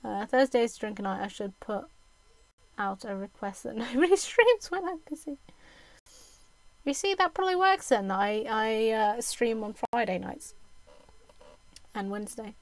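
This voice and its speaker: A young woman from the UK with a Southern English accent chats to her stream viewers in a slow, unhurried way. She giggles often and keeps things friendly. Her voice sits a little high and sounds dry and close, with no room around it. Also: sing-song, no room sound. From United Kingdom. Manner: chatty and giggly, laughs often. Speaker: game streamer. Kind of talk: casual live-stream chat.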